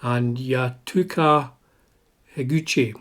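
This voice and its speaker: A man's voice: mid-range voice, slow pace, a bit bright. A Scottish man hosting a guitar channel, chatting casually with wry jokes and muttered asides. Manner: wry, chatty, drops to asides under his breath. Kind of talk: casual chat.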